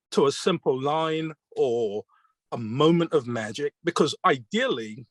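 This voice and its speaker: British male magician, interview storyteller, voice on the high side, dry close recording. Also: slightly rough, no room sound. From Britain. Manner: retells mentors' advice as quoted dialogue, with questions and answers; earnest, reflective. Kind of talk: conversational storytelling.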